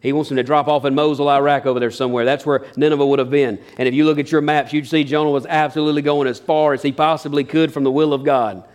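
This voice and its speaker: Animated preacher with folksy humor. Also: male voice, a little high, fast talker, few pauses, clean tone. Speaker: pastor. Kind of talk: sermon.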